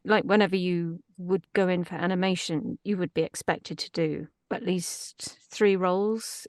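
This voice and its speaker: A woman's voice: on the low side, a little mellow, no room sound, clean studio sound. A woman, a voice actress chatting in an interview in a chatty, self-deprecating way. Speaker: voice actress guest. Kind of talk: casual interview chat.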